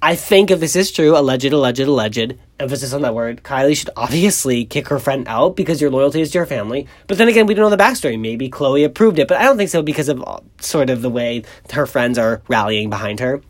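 A man's voice: fast talker, few pauses. Chatty young man gossiping on a podcast. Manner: chatty and gossipy, rambling with many fillers and restarts; animated pitch jumps for emphasis. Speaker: podcast host. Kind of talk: casual solo podcast monologue.

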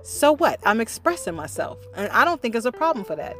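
A woman's voice: a little high, sing-song, fast talker, a bit bright, faint music behind. A woman who writes songs, talking casually and emphatically with many fillers and repeated phrases. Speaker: songwriter and artist. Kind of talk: casual opinion monologue.

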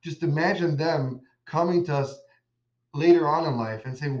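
Casting: a male Torah teacher with a fairly high voice, who tells stories and asks emphatic questions, recorded lo-fi. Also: moderate pace, a little mellow. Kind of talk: religious lesson with storytelling. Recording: echoey room, dull lo-fi sound.

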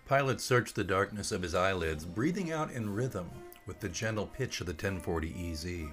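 Man, author reading aloud, very deep voice, measured narration. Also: lively intonation, a bit bright, faint music behind. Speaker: author reading his own story. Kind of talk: audiobook narration.

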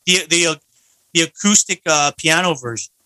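A man's voice: a little high, normal speed, bright, forceful tone, no echo, low-quality recording. A man hosting a casual podcast chat, joking around and rambling with lots of fillers. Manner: jokey, rambling with many fillers. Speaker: podcast host. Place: home podcast studio.

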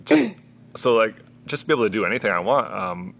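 A man's voice: fairly low pitch, very animated, fast, vocal fry, fairly bright tone. A young adult man, a guest coach, telling stories in a rambling casual way and laughing often. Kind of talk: casual chat.

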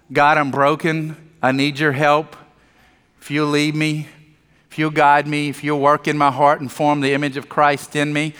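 A man preaching from the pulpit, his bright, forceful voice sitting a little high. He tells a personal story with joking asides and acts out each line of dialogue. Long reverb from a large sanctuary carries him, with soft music underneath. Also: clean tone. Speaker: pastor. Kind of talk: sermon.

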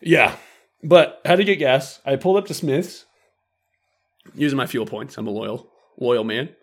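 A man's voice: mid-range voice, unhurried, husky. A young man co-hosting a podcast, telling a story in casual chat, acting out quotes and laughing often. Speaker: podcast co-host.

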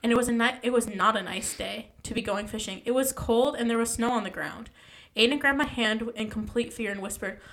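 A woman's voice: on the high side, fairly quick, hardly any pauses, fairly bright tone. A young woman casually reading a ghost story aloud, stumbling and correcting herself as she goes.

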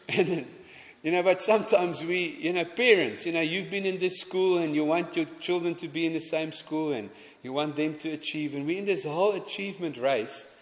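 Preacher in a reverberant hall. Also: male voice, a little high, normal speed. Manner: conversational, anecdotal, stumbling restarts, mixing in Afrikaans phrases. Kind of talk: sermon.

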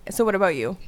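A woman co-hosting a podcast, chatting casually, bubbly and quick with short reactions. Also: fairly high pitch. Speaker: podcast co-host. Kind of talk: casual chat.

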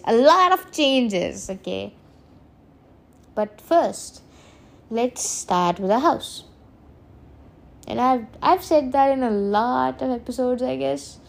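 With a fairly high, darkish voice, a woman talks through a solo podcast monologue in a casual, earnest ramble. She frequently corrects herself and breaks into laughter.

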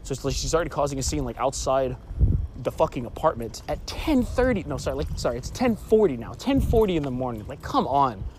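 A man's voice: mid-range voice, sing-song, brisk. A young man telling a story in an agitated, rambling rant, swearing often and restarting his sentences. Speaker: vlogger. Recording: noisy street background.

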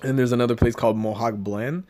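A man's voice: medium pitch, steady tone, fast talker, darkish tone. A young man hosting a podcast, telling rambling stories full of swearing in casual chat. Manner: profane, rambling storyteller. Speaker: podcast host. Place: Los Angeles area podcast room.

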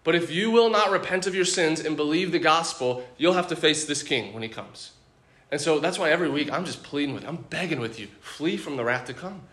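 A young adult male pastor preaching a sermon, animated and laughing often as he acts out scripture scenes. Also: on the high side, fairly quick.

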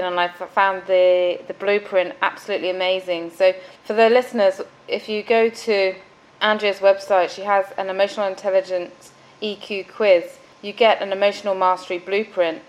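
A woman's voice: medium pitch, poor audio. A woman hosting a podcast interview, enthusiastic and speaking directly to listeners. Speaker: podcast host.

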